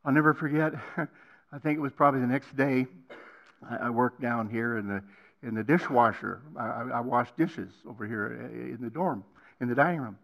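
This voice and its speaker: Forceful older man preaching testimony. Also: mid-range voice, normal speed, vocal fry. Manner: emphatic, swings between hushed and loud. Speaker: guest preacher. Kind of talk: personal testimony sermon. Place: college campus hall.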